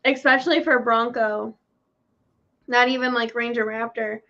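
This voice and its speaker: Female co-host, high voice, dull lo-fi line, quick chatty filler-heavy talk. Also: fairly even intonation, pushed and bright. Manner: quick, chatty, says "like" a lot. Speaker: show co-host. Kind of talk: casual chat. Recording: dull lo-fi stream audio.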